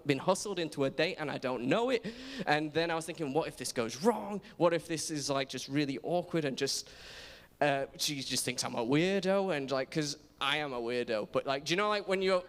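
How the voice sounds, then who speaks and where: A man's voice: fairly high pitch, fairly bright tone. A young man giving a casual, self-deprecating sermon in a church. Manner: self-deprecating, chatty, many restarts. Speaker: preacher. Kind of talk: casual sermon with personal stories. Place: church auditorium. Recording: reverberant church hall.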